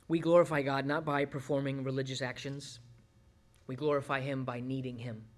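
A man preaching a sermon as pastor, earnest, swinging between urgent pleading and hushed, quiet passages. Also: mid-range voice, flat delivery, normal speed.

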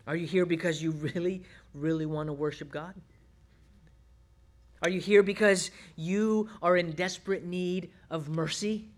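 A man preaching a sermon as pastor, earnest, swinging between urgent pleading and hushed, quiet passages. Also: high-pitched, fairly even intonation, measured pace.

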